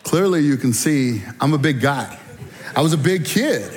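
A man's voice: on the high side, normal speed. A middle-aged man preaching a sermon, telling folksy personal stories and speaking straight to the congregation. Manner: folksy, animated storytelling, addresses the audience directly. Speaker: guest speaker at a church. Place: church auditorium. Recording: long reverb in a large hall.

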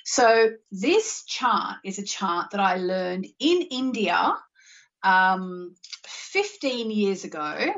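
A woman's voice: mid-range voice, fairly bright tone. A woman with an Australian accent hosting a spiritual live show, chatting casually and rambling with lots of filler words. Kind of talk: casual live-stream chat. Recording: muffled lo-fi recording.

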